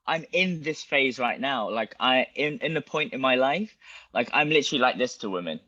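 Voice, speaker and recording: A man's voice: medium pitch, normal speed, dry recording, highs cut off. A man as a guest in a casual conversation, telling stories animatedly, swearing and acting out what others said. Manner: animated storyteller, swears, acts out quotes. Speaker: guest, bodywork practitioner.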